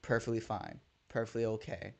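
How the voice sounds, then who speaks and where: A man's voice: lowish voice, brisk, gravelly, dull audio. A young man, a first-grade teacher, telling a story in casual podcast chat and dropping slang. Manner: animated storytelling with slang like "dog".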